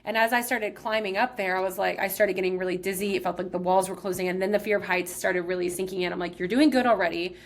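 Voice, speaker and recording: Woman, young adult, from Texas, podcast host, casual storytelling, lots of "like", medium pitch. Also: fairly even intonation, quick pace, hardly any pauses. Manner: chatty, heavy use of "like".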